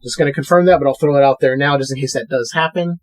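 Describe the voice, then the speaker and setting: A man's voice: medium pitch, fast talker. A man hosting a podcast, chatting casually and rattling off plugs and promos. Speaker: podcast host.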